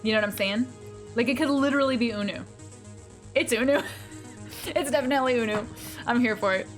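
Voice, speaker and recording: A woman's voice: fairly high pitch, brisk, long pauses, faint music behind. A woman streamer chatting casually with her live chat, giggly and playful as she reads messages aloud.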